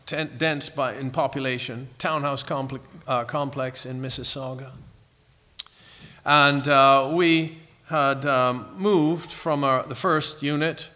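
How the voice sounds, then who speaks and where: A middle-aged man preaching a sermon in an earnest, reflective way, pausing and restarting as he tells a story. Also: on the high side, bright, forceful tone.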